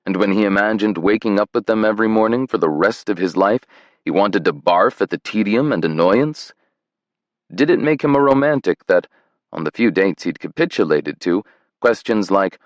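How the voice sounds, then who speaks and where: A man reading a romance audiobook in a measured, tender scripted narration. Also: sits low, no echo.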